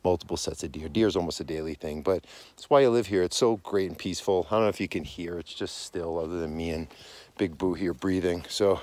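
A man's voice: low-pitched, fairly quick, darkish tone, no room sound. A man in his forties, out of breath, chatting casually as a dog-training podcast host while walking outdoors in the mountains. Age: 40s. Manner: rambling, self-correcting, conversational. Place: outdoors on a snowy mountain property at dusk.

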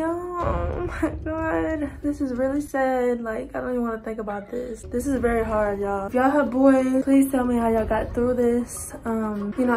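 A young woman, talking emotionally and tearfully to camera in a casual vlog as a mother. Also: on the high side. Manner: emotional, tearful, soft-spoken. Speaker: vlogger, mother. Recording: music playing behind.

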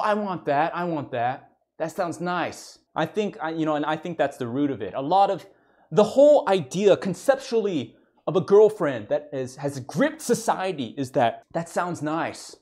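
A man's voice: a little high, a little mellow. A man giving a comedic mock lecture, ranting in exasperation and stammering over repeated words. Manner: mock-serious professor persona.

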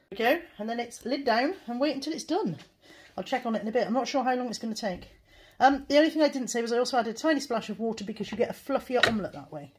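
A woman's voice: fairly high pitch, slight background noise. Chatty British woman vlogging at home. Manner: chatty, frank, self-deprecating. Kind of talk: casual chat to camera. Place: at home, kitchen and bedroom.

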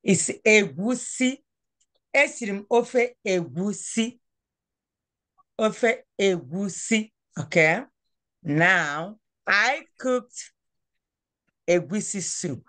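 A woman teaching a language class over a phone, patient and coaxing, repeating words slowly. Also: on the low side, a bit bright.

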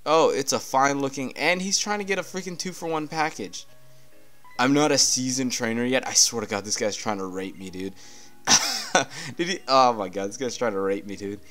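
A man's voice: mid-range voice, animated, normal speed, a bit bright, soft background music. A man casually commentating a video game playthrough, rambling, swearing and getting irritated at the game. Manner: profane, rambling, easily irritated. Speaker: gameplay commentator. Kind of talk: casual let's-play commentary.

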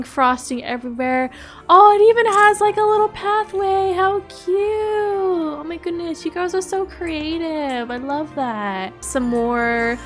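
Playing the mother in a family roleplay she hosts, a high-pitched woman keeps giggling, letting out excited shrieks of laughter and shouts.

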